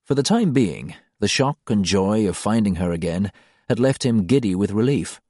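A man narrating an audiobook in a calm, unhurried reading. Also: lowish voice, no room sound, studio quality.

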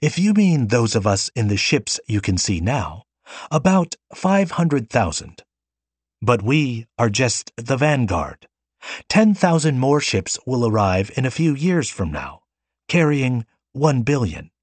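A man reading as a calm, composed stranger. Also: mid-range voice, slow pace, breathy edge, no echo, pitched above the performer's own voice, full character voice. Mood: even. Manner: even, composed. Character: calm young male stranger from another world.

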